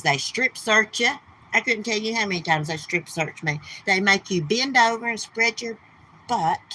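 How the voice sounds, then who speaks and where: A woman's voice: fairly low pitch, pushed and bright, a little hiss or hum, rough recording. A middle-aged woman, chatting bluntly and gossiping on a casual live stream outdoors. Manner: blunt, gossipy, cussing, Southern turns of speech. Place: outdoors near her home.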